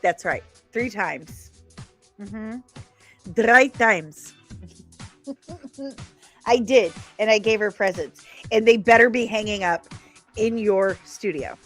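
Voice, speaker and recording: Worn out from a long day of travel, a female livestream host chats in a rambling way and laughs frequently. She talks slowly at medium pitch, pausing often, with soft music behind her.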